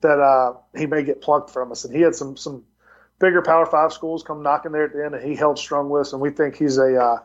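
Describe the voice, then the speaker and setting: Man, football coach, guest on a podcast. Somewhat high voice, rambling delivery with frequent restarts, dull lo-fi sound. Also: steady tone, a little fast. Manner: rambling storyteller with many restarts. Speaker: football tight end coach and recruiting coordinator. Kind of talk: casual podcast interview.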